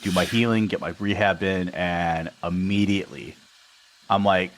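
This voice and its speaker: A man's voice: deep voice, moderate pace, low-quality recording. A young man from Wisconsin, a podcast guest, casually telling stories and acting out the dialogue. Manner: animated, acts out quoted dialogue. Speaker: podcast guest, army veteran. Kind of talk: casual storytelling.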